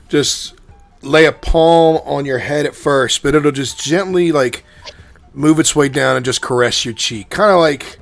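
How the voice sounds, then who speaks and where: A man's voice: medium pitch, vocal fry. Laid-back male game master narrating. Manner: relaxed, descriptive, with many ums and restarts.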